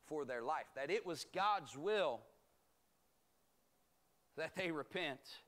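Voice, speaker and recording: A man teaching a bible study as pastor, reading scripture aloud and explaining it in a measured, emphatic way. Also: fairly high pitch, lively intonation, a bit bright. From United States.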